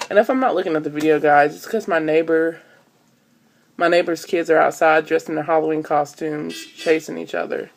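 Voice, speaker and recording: A woman's voice: low voice, fairly even intonation, fairly quick, gravelly, slight background noise. Chatty young woman. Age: 20s. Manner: chatty storyteller, many ums and "so look". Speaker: vlogger. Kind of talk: casual chat to camera. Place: at home, upstairs room.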